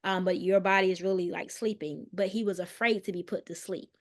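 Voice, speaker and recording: Brief: woman guest, mid-pitched, earnest and halting, lots of "um"s, goes quiet on hard moments. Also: fairly even intonation. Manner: earnest, hesitant, many "um"s and restarts; soft and subdued on painful details. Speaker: guest, mental health counselor. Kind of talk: personal storytelling in a podcast interview.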